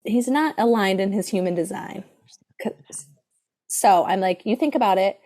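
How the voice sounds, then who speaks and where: A woman's voice: medium pitch, animated, normal speed, warm tone. Playful, teasing woman podcast co-host. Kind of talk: casual chat.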